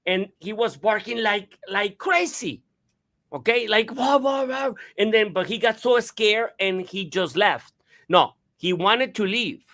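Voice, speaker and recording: A man hosting a radio talk show, telling a story in an animated, casual way, swearing and imitating sounds. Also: high-pitched, unhurried.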